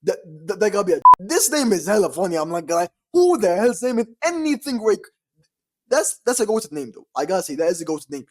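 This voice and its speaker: Lively young man, excitable vlogger. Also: high voice, fast. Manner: excitable, slangy, laughs often. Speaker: quiz vlogger. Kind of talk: casual chat.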